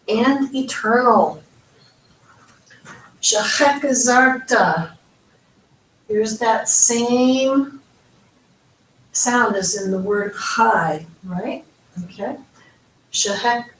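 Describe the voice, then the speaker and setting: A woman's voice: on the high side, distant mic, a little hiss or hum. A woman from the United States teaching a beginners' language lesson, patiently spelling out each sound step by step. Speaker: Hebrew teacher. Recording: echoey room, voice from off-mic.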